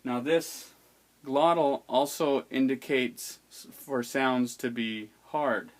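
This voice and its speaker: A man's voice: mid-range voice, steady tone, slow pace. A man teaching how to pronounce the letters of an alphabet, patiently demonstrating each sound aloud. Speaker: language teacher. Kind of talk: explaining an alphabet's pronunciation.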